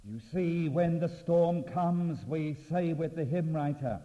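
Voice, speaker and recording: A male preacher giving an evangelistic sermon, swinging from loud exclamations to hushed, intimate appeals. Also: a little high, expressive, a little slow, few pauses. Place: church or meeting hall. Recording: reverberant, dull lo-fi hall recording.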